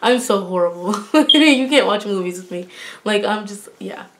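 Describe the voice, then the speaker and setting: A young woman talking straight to her camera in an excited casual review vlog. She gushes in a bubbly rush, stacking up exclamations and fillers, with a sarcastic streak she owns up to. Her voice sits at an ordinary middle pitch for a woman. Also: normal speed. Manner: gushing and bubbly, many fillers like "oh my goodness"; self-described sarcastic. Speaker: vlogger.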